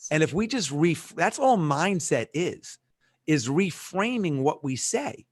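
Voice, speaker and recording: A middle-aged man, a podcast guest, telling stories in an emphatic, punchy way with quick restarts. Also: fairly high pitch, big pitch swings, dry recording, studio quality. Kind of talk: animated storytelling in conversation. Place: remote call.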